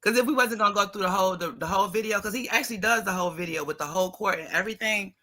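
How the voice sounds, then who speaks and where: Woman, guest co-host, chatty, gossipy, bright sharp voice. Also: mid-range voice. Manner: chatty, gossipy, quick to laugh. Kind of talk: casual reaction chat.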